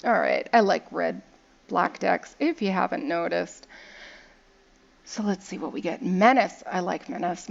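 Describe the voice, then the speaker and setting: A young woman with a gravelly, creaky voice rambles playfully as she opens digital card packs, reading rules text and poking fun at the art. The recording is a little dull and lo-fi. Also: mid-range voice. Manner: chatty and playful, reads card text aloud and jokes about the art. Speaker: gaming video host. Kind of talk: casual commentary while opening card packs.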